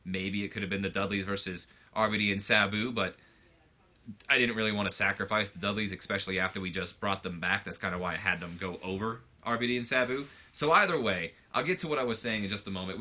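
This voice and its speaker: A man's voice: on the low side, quick pace, sharp tone. A man giving casual let's play commentary on a wrestling game, rambling loosely with lots of fillers, on a slightly muffled mic.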